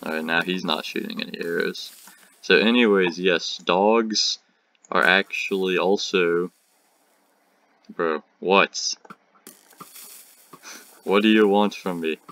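Teenage boy, gaming commentary, deep-pitched, bright tense tone, rambling, jokey. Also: slow pace, vocal fry, pauses often. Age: teen. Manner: rambling, jokey, talks to enemies on screen. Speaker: gaming channel host. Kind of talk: casual gameplay commentary.

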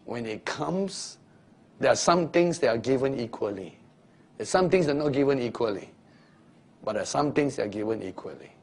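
A man's voice: mid-range voice, expressive, normal speed, a little mellow. A man preaching a sermon and telling stories, acting out the scenes, with loose grammar. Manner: storytelling, acting out scenes with shifting voices; loose non-standard grammar.

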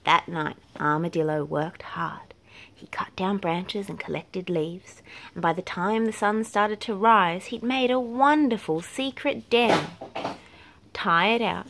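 A woman reading a children's picture book aloud, gentle and expressive, sometimes falling to a whisper. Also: mid-range voice, slow pace. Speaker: storyteller.

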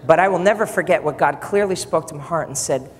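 A man preaching to a college chapel audience, telling stories in an animated, joking way. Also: a little high, fast talker. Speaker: pastor speaking in a college chapel. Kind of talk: sermon. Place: chapel hall. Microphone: PA microphone. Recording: long reverb hall with faint noise.

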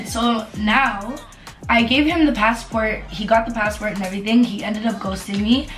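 A woman telling a casual storytime on camera, animated and profane, repeating herself for emphasis. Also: on the high side, moderate pace. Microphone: camera mic. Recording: roomy echo, faint music behind.

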